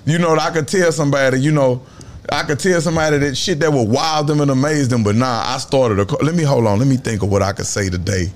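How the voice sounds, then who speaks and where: Louisiana man telling stories slowly. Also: medium pitch. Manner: slow, emphatic storytelling with Southern slang. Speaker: guest. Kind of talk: casual interview talk.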